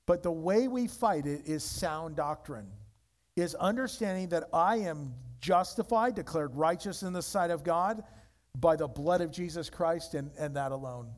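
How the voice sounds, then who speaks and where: A man preaching a sermon as pastor, emphatic, with wide swings between loud high peaks and low quiet stretches. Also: a little slow.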